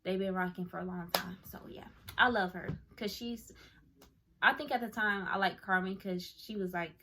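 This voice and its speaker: Young woman, crisp bright voice, casual story time, excitable and gushing. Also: mid-range voice, moderate pace, a little hiss or hum. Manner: excitable, gushing, lots of fillers like "like" and "oh my goodness". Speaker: YouTuber telling a story.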